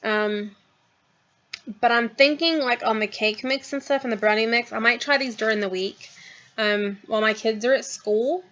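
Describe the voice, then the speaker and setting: A woman's voice: on the high side, moderate pace, a bit bright, lo-fi sound. A woman in her thirties chatting casually to her camera at home, rambling with lots of ums and trailing asides. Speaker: vlogger. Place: at home, in a house.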